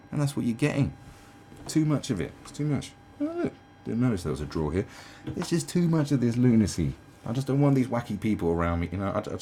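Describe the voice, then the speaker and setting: Somewhat low and warm, this man's voice comes from a commentary channel host in his twenties or thirties ranting at home about politicians. He's casual, sarcastic, and profane, and mimics them in mocking voices. A little hiss or hum can be heard.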